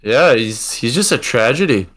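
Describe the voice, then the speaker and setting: A man's voice: medium pitch, expressive, normal speed, fairly bright tone. A young man co-hosting a casual podcast, reacting to the story with laughs and amused remarks. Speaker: podcast co-host. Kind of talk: casual chat.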